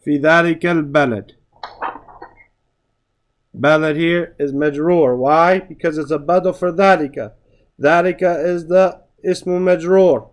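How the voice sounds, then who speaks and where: In a classroom lesson on Arabic grammar, a male teacher with a fairly high voice speaks a little fast. He reads out Arabic phrases and gives their translations, often adding "right?" to check understanding.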